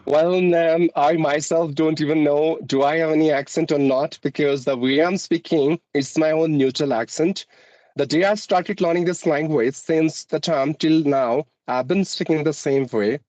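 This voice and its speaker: A man from India, an English teacher on YouTube, is a guest in a conversational interview. His Indian English carries a mixed American-British lilt, and he's polite and formal, often saying ma'am. His voice is fairly high, fairly even, a little mellow and at normal speed, with no room sound.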